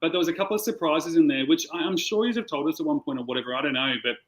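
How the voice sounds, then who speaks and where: A man's voice: fairly high pitch, lively intonation, racing, a bit bright, rough recording. An Australian man chatting as a guest on a video call, telling a rambling story with plenty of swearing. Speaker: client guest. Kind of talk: casual chat.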